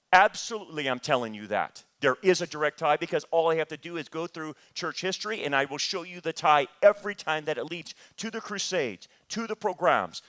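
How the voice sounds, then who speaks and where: A man's voice: fairly high pitch, fairly bright tone. A man teaching a church Bible study, emphatic and repetitive, rising into heated outbursts. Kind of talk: sermon-style teaching.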